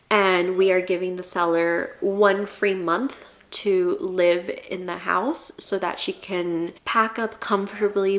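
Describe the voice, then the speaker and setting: A woman's voice: on the low side, fairly bright tone. Emotional young woman vlogging. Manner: earnest, rambling, restarts often. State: tearful, emotional. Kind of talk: casual vlog talk to camera.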